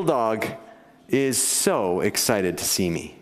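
Speaking slowly in a lowish voice with big swings in pitch, a pastor gives his congregation a conversational sermon, often laughing and asking them questions. The church sanctuary's hall adds a long reverb.

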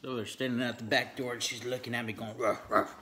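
A man's voice: medium pitch, fast talker, a little hiss or hum. A man vlogging his day at home as a streamer, talking casually to his viewers while he eats. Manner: relaxed, talks to viewers while eating. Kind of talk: casual vlog chat.

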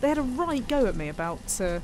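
A woman's voice: a little high, very animated, a little fast, background noise. A woman, chatting playfully while streaming a city-building game live, thanking viewers and talking to herself as she plays. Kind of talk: live-stream gameplay commentary.

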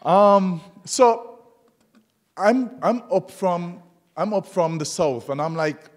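A man's voice: fairly high pitch, takes it slowly, pauses often. A man from Jamaica giving a public artist talk, telling stories animatedly and acting out the dialogue. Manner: animated storyteller who acts out dialogue. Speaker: guest speaker, documentary photographer. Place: museum lecture hall.

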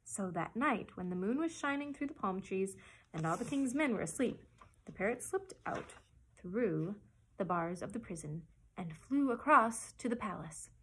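A woman librarian reading a children's chapter book aloud in a gentle storytelling manner. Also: mid-range voice, lively intonation, moderate pace, slight background noise, poor audio.

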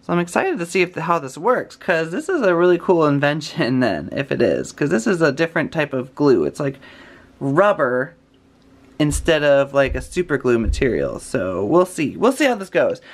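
A man's voice: on the high side, big pitch swings, normal speed. A man vlogging in a casual, rambling, chatty way with lots of fillers. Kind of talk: casual vlog chat. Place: home, then a store.

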